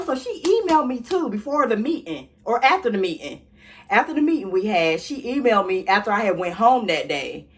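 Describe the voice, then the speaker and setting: Sassy woman vlogger telling a story. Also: medium pitch. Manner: animated, sassy, talks straight to viewers. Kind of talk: casual storytime chat.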